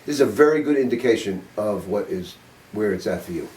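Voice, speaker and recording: An older man leading a saxophone master class in a music studio speaks expressively and a little fast, his voice on the low side and slightly mellow. He's blunt and informal, quizzing students and swearing casually. The distant mic gives a roomy sound with slight background noise.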